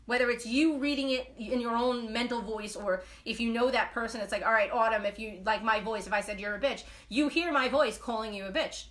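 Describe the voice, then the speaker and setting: A woman's voice: a little high, bright, forceful tone. A young adult woman hosting a live stream, chatting in a blunt, casual way, swearing freely and reading viewer comments off her phone. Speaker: host of a live knitting stream.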